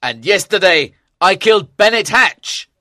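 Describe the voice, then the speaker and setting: A man voicing a grim outlaw archer in a storybook reading, making loud, firm statements. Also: mid-range voice, animated, slow pace, no room sound, studio quality, voice pushed up.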